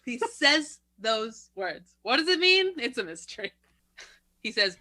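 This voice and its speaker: Bright, wry woman podcast co-host. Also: a little high, very animated, unhurried. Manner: wry, sarcastic, laughs between remarks. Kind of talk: casual movie-review chat.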